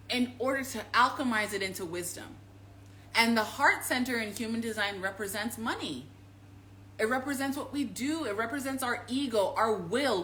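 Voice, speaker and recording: A woman with a bright, forceful voice sitting a little high for her, talking casually to followers. She hammers points home with repetition and curses, then drops into a hushed, confiding tone. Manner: emphatic and repetitive, swears freely; swings from loud to hushed confiding. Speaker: spiritual teacher. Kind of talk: casual live-stream talk.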